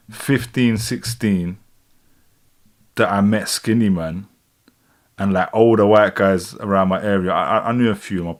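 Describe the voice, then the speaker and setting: A man with a London accent chats casually on a livestream, reading comments aloud. His voice sits on the lower side, and his delivery is loose and rambling, full of restarts and laughter. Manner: rambling, laid-back, laughs often, many fillers and restarts. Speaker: rapper and livestream host.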